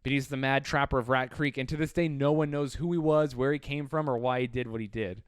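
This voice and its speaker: A man co-hosting a podcast, telling an animated, profane story in casual chat. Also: medium pitch, brisk, clear, resonant tone, no echo, clean studio sound. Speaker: podcast co-host.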